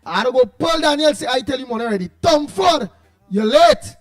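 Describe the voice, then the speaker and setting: Very high-voiced Trinidadian man hosting. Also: animated, fairly quick, soft background music. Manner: rambling, calling out listeners' names in greeting. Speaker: radio host. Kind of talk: casual morning radio chat.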